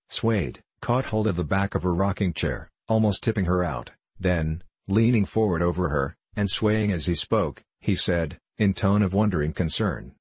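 A man reading a novel aloud in measured scripted narration. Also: low-pitched, slightly rough, dry recording. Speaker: audiobook narrator.

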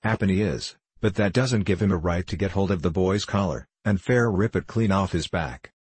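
A man's voice: sits low, normal speed, husky, dry recording. A man voicing a quarrelsome dialect-speaking neighbour woman. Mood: scolding. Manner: sharp, scolding, broad dialect.

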